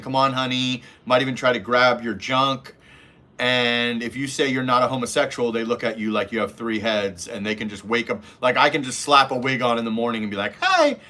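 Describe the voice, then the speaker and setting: A man's voice: medium pitch, pushed and bright. A man hosting a casual livestream, reading chat and giving blunt, profane dating advice. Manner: blunt, profane, mimics voices in anecdotes.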